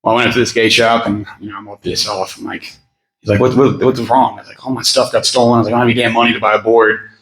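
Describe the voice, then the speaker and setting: Man at a memorial, rambling anecdotes, bright voice, echoey room. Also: fairly low pitch, little pitch movement, racing. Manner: rambling and storytelling, with laughter and many fillers. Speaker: eulogy speaker. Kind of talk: memorial speech with personal stories.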